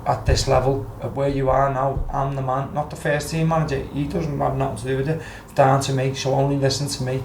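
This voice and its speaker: A man's voice: medium pitch, level tone, brisk, hardly any pauses, darkish tone, slight background noise. Scouse man telling football stories. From Liverpool, England. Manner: swears freely, acts out quotes. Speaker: podcast guest, former footballer. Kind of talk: casual storytelling. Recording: roomy with faint background ambience.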